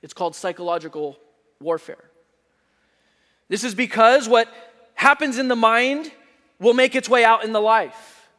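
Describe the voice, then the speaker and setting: A man preaching a sermon as a pastor, telling lively stories and rising to shouts. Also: very high voice, unhurried, long pauses, long reverb tail.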